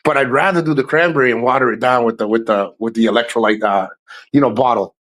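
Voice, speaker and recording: A man's voice: medium pitch, quick pace, fairly bright tone, rough recording. Rambling, foul-mouthed man hosting a stream. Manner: rambling, profane, jokey. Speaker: livestream host. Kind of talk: casual livestream chat.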